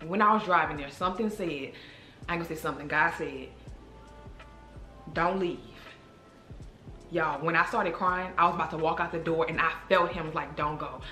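Animated woman vlogger in echoey room. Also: low-pitched, quick pace. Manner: animated, emotional, addresses viewers as girl and y'all. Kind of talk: casual storytelling to viewers. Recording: roomy echo with faint music.

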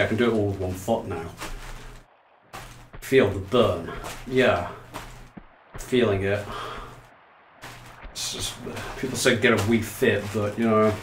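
A man with a low voice, commentating a live game while out of breath from playing on a dance pad, chatty and self-mocking, reading chat aloud. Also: reverberant, noisy background. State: out of breath, legs tired.

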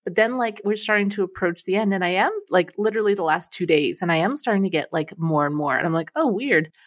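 A woman co-hosting a podcast, chatting excitedly and laughing often. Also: on the low side, fast. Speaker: podcast co-host. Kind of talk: casual podcast chat.

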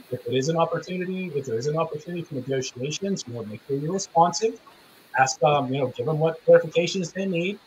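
A man's voice: fairly high pitch, dull audio, a little hiss or hum. Earnest man teaching a webinar class. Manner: earnest, emphatic, conversational teaching. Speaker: small business procurement specialist presenting. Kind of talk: online webinar presentation.

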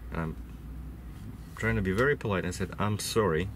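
A truck driver with a cold and a runny nose tells stories casually for a vlog from inside his cab. His voice is deep, fairly quick and a bit bright, and he goes on at length with lots of fillers and restarts, with slight background noise.

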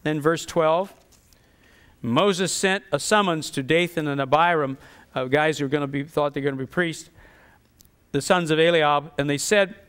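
Lively, clear-voiced male preacher. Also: on the high side, moderate pace. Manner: animated, acts out grumbling voices with scorn. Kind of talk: sermon.

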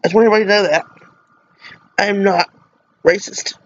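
A woman's voice: mid-range voice, fairly even intonation, fast, dull audio. A middle-aged woman from Mississippi with a Southern American accent, speaking an earnest, emotional monologue to camera in a preachy soapbox manner. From Mississippi, USA. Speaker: vlogger.

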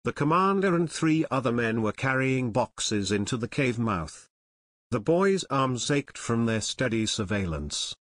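A man narrating an adventure audiobook in a steady, measured reading, recorded close to the mic. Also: mid-range voice, no room sound. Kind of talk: scripted narration.

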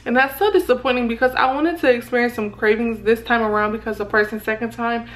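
A young woman chats casually to her vlog viewers, calling them "y'all" again and again. She sounds out of breath. Her voice sits fairly high and stays flat in pitch. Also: quick pace. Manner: chatty, repeatedly addressing viewers as "y'all". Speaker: vlogger.

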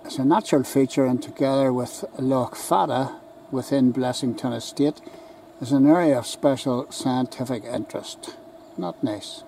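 A man's voice: mid-range voice, moderate pace, vocal fry, dark tone, a little hiss or hum, low-quality recording. A man with a Northern Irish accent giving chatty, enthusiastic walking-tour commentary outdoors by a lake, filmed on a handheld camera. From Northern Ireland. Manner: chatty, enthusiastic, talks to passers-by. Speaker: vlogger and tour guide.

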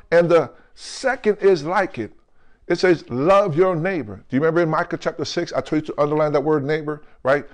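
A male pastor preaching a lively, jokey sermon, who keeps calling out to the congregation and slows down to stress scripture words. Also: fairly high pitch. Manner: calls out to the congregation with questions like "right?" and "come on".

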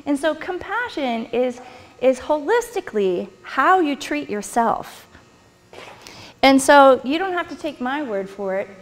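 A woman's voice: high-pitched, sing-song, a little slow. A woman presenting to a live audience in a conversational lecture style, chuckling and putting questions to the listeners. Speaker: workshop presenter. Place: hall or meeting room with an audience. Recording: long hall reverb.

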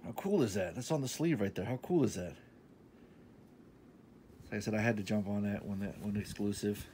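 A man in his thirties talking casually in a shopping haul vlog, enthusiastic and repetitive, sometimes dropping to a soft half-whisper. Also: on the low side, normal speed, a little hiss or hum. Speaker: vlogger showing a shopping haul.

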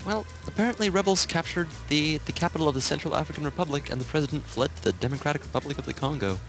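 A man chatting as a guest on a game stream, excitable and reading out news items as he finds them. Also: on the high side, racing, faint music behind, poor audio. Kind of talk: casual chat.

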